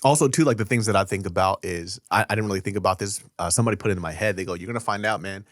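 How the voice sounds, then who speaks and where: A man's voice: sits low, racing, dry recording. A man co-hosting a podcast, telling stories in casual chat, swearing freely and laughing often into a close studio mic. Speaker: podcast co-host.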